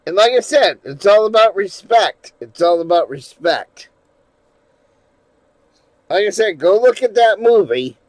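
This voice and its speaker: A man's voice: high voice, lively intonation, unhurried, long pauses, dry recording, poor audio. Profane rambling male live streamer. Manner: rambling, profane, shifts from mumbling to loud ranting. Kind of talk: casual live stream chat.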